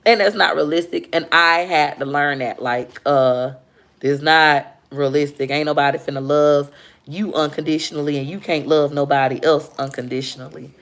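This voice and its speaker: A woman's voice: low-pitched, moderate pace. A young woman, chatting candidly with viewers on a casual livestream and reading their comments. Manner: chatty, candid, animated when retelling.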